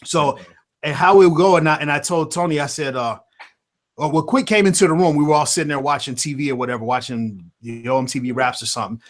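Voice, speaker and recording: A man with a fairly high voice tells stories in relaxed conversation. He laughs often as he talks, and his telling stays lively. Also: fast. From Chicago. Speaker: guest rapper. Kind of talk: casual storytelling.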